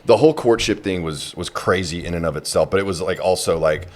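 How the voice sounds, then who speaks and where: A man on a casual podcast as a comedian guest, telling a personal story in a halting way with many fillers and restarts. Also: low-pitched, darkish tone.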